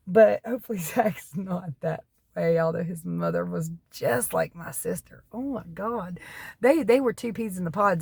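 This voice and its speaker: Gravelly Southern woman rambling on camera. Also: lowish voice, a little mellow, no echo. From North Carolina, US. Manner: rambling, wanders off on tangents; folksy, laughs between remarks. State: coughing from allergies. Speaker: keto diet vlogger. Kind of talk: casual chat to camera.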